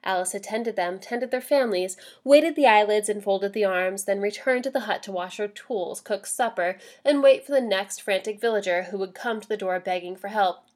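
A woman reading a novel aloud in a measured storytelling manner. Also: medium pitch. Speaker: story reader.

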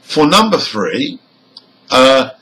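A man teaching English pronunciation, slowly listing numbered example words and modeling each one clearly. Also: mid-range voice, big pitch swings, a bit bright, poor audio. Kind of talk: slow, deliberate teaching delivery.

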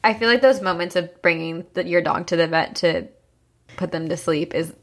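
A woman co-hosts a relaxed podcast and mostly listens, reacting to her partner's stories with quick, sympathetic remarks. She talks in a loose, conversational way. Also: fairly low pitch. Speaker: podcast co-host. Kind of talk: casual chat.

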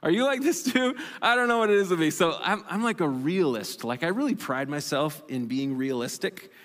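A male pastor delivering a sermon in a conversational, animated way, with self-deprecating asides. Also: a little high, a little fast. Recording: long reverb of a large hall.

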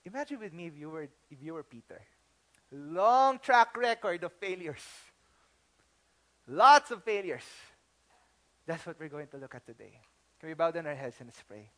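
High-voiced Filipino pastor, animated sermon. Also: male voice, normal speed. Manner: animated storytelling, acting out quotes; mixes English with Tagalog phrases.

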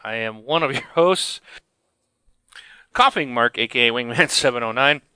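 A man's voice: medium pitch, a little fast, sharp tone, clear, resonant tone, dry recording. A man hosting a casual gaming podcast, joking and laughing easily between loose, filler-heavy sentences. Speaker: podcast host.

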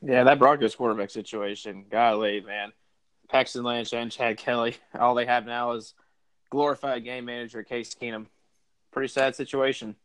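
An easygoing young man co-hosts a sports talk show. His voice sits in a middle pitch and his delivery stays relaxed. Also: normal speed, poor audio. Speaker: co-host. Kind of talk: casual sports chat.

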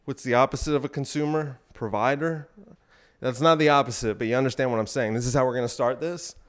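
A man's voice: mid-range voice, fairly even intonation, fast, a bit bright. Ranting young man, crude and rambling. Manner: crude, ranting, profane, with frequent asides; talking while exercising on an elliptical. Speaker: podcast host. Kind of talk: rambling solo podcast talk.

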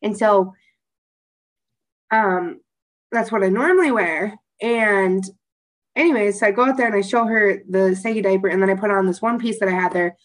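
A woman's voice: medium pitch, moderate pace, long pauses, low-quality recording. A young woman co-hosting a podcast, telling a rambling story in casual chat with lots of swearing and laughter. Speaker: podcast co-host.

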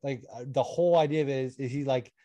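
A man's voice: medium pitch, quick pace, mellow, dry recording. A man co-hosting a podcast, telling stories loosely and swearing, while a bit sick. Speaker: podcast co-host. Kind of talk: casual podcast chat.

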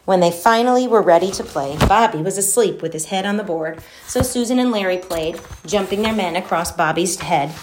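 A woman reading a children's storybook aloud, gentle and expressive, giving the children's lines their own voices. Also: fairly low pitch, fairly quick, few pauses, background noise.

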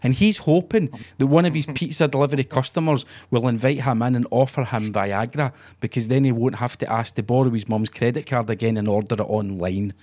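A man's voice: mid-range voice, a little fast, hardly any pauses, a little mellow. Sweary Scottish man telling a mocking story. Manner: sweary, mocking storyteller who acts out quotes. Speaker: podcast co-host. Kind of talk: casual banter.

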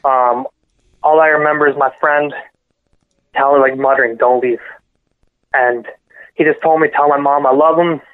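A man guest on a podcast telling a painful personal story in a halting, earnest way, often correcting himself. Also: fairly high pitch, steady tone, clear, resonant tone. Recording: phone-line audio.

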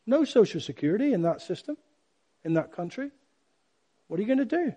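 A middle-aged man preaching a sermon in an emphatic, animated way, with sudden loud bursts. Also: high-pitched, brisk.

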